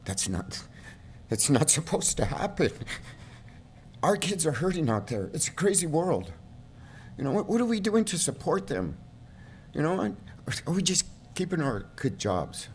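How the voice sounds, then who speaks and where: Middle aged guy pleading at a county meeting podium, voice cracking up loud at times, faint low rumble behind. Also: sing-song, measured pace, long pauses. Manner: impassioned, voice rising to near shouting at peaks. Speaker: public commenter at a county board meeting. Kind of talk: emotional public comment. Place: council chamber.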